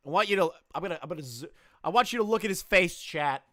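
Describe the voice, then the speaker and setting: Profane, animated man streaming to chat. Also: high voice, fast, no echo, clean studio sound. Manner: profane, joking, talks straight to chat. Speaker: streamer reacting to online drama. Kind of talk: casual livestream reaction commentary.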